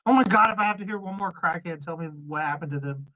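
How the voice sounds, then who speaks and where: A man's voice: a little high, quick pace, pushed and bright, rough recording. A man with a Southern twang, hosting a casual podcast chat, laughing often and joking loosely. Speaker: podcast host.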